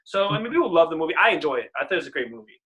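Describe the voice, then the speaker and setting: A man in his forties chats casually as a podcast co-host. His voice is bright and a little high, and he laughs easily and retells scenes with energy. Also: very animated, rapid-fire. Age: 40s. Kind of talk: casual chat.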